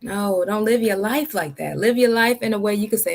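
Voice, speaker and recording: A woman's voice: medium pitch, fairly quick, vocal fry, hardly any pauses. A woman hosting a reaction video, talking bluntly and emphatically. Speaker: reaction channel host. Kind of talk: casual commentary.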